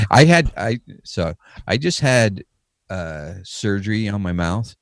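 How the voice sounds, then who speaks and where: A man's voice: lowish voice, sing-song, takes it slowly, dry recording, clean studio sound. A man co-hosting a casual chat, rambling with fillers and lisping slightly from fresh stitches in his mouth. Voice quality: filler-heavy, rambling storytelling. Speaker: podcast co-host.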